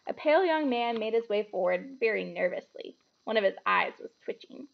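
A woman reading a children's book aloud with expressive, animated storytelling. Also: mid-range voice, normal speed, gravelly, lo-fi sound.

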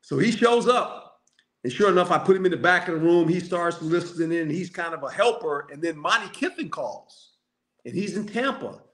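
A man's voice: high voice, animated, normal speed, fairly bright tone. An older man, a former football coach and player, telling anecdotes in a casual chat, acting out quotes and laughing often. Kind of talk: storytelling phone-in chat.

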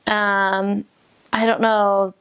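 A woman's voice: mid-range voice, flat delivery, extremely slow, clear, resonant tone, highs cut off. A young woman from the United States, talking casually about her mission, chatty and giggly with many fillers. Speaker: returned missionary. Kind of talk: casual chat.

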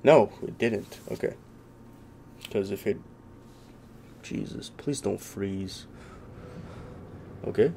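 Gravelly, profane young game commentator. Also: male voice, lowish voice, takes it slowly, long pauses, warm tone, slight background noise. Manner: profane, sarcastic trash talk. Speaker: gameplay commentator.

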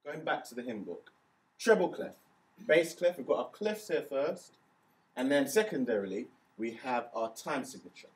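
Here a male music teacher sounds very animated at a normal speed, his pitch medium, as he walks through each step patiently and counts beats aloud. Recorded off-mic in a roomy, echoey space with faint ambience.

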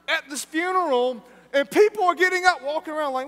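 A man preaching a sermon at a live event, telling stories in a lively, joking way. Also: very high voice, a little fast, few pauses. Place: large event hall. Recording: long hall reverb from live event.

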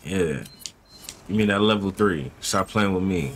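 A man giving casual, slangy gameplay commentary, talking to his viewers and swinging from low muttering to loud yelps. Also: unhurried, a little hiss or hum. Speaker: gaming commentator.

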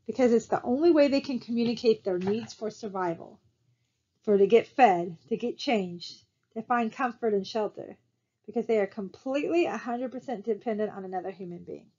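A woman's voice: on the high side, moderate pace, mellow, lo-fi sound. A woman instructor giving a recorded slide lecture, talking conversationally and posing rhetorical questions to her students. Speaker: college instructor.

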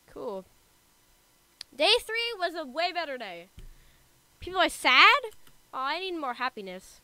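Bright playful woman gamer. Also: high voice, big pitch swings, a little slow, long pauses, no echo. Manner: playful, reads dialogue aloud. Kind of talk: casual gameplay commentary.

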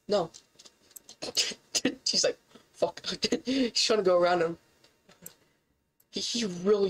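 In poor audio, a woman offers casual commentary on a game, sounding excitable and incredulous. She swears frequently, and her voice shoots up in pitch when she's surprised.

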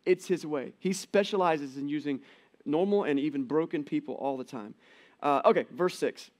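A middle-aged man giving a conversational church sermon, telling the story with animated quoted voices. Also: fairly high pitch, moderate pace. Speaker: pastor. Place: church auditorium.

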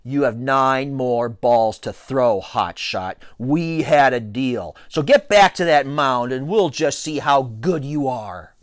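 A man reading the part of a bossy schoolboy bully, speaking slowly and gruffly. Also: medium pitch, lively intonation, no room sound, studio quality. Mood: taunting.

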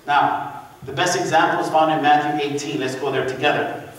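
A high-pitched man preaches a lively sermon, telling the story in an animated way and calling on the congregation to answer him. His voice rings through a big echoey church hall, and the mic sits some way off. A faint room murmur hums underneath. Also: normal speed, distant mic. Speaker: pastor. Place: church sanctuary.

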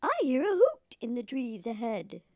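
Woman doing a big booming hungry monster. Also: huge pitch swings, warm tone, dry recording, studio quality. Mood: awed. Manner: booming, slow and greedy. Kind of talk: storybook character voice.

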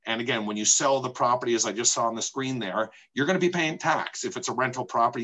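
A man's voice: mid-range voice, fairly bright tone, a little hiss or hum, rough recording. A middle-aged man from Canada, a real estate agent presenting a homebuying talk in an opinionated, emphatic way, using rhetorical questions and repetition.

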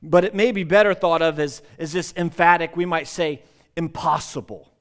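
A man's voice: on the high side, brisk, clean tone. A male pastor preaching a sermon, emphatic, with frequent repetitions and restarts.

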